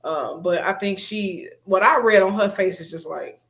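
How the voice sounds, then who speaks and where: A co-host in a relaxed recap conversation, mid-pitched and unhurried. The speaker weighs each point and pauses to find the words. The talk stays informal throughout. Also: vocal fry. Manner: thoughtful, measured, hesitant fillers. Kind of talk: casual TV recap chat.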